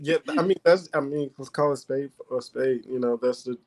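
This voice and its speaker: A man talking casually in a group discussion, halting with many fillers and restarts. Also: medium pitch, darkish tone. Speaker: panelist discussing card readings.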